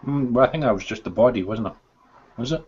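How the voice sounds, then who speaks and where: A man's voice: medium pitch, fast talker, a little mellow, slightly rough, highs cut off. A man playing in a tabletop game over a headset, chatting in an easygoing way. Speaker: player. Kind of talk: casual tabletop game chat.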